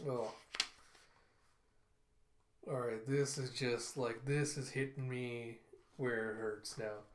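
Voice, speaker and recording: A man's voice: medium pitch, steady tone, takes it slowly, a little hiss or hum. Comic readthrough: a man talking loosely, echoey room. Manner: casual, loose, with many fillers. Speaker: comic reviewer.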